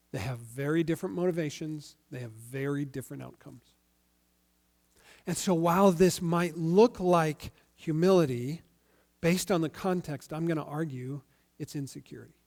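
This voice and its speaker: A male pastor giving a sermon in a conversational, animated storytelling way. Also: on the high side.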